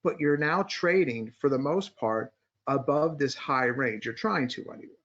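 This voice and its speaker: The speaker, a male market strategist and podcast co-host, has a mid-range, slightly bright voice at normal speed. He jokes casually, then explains stock charts step by step with many restarts, in muffled lo-fi sound.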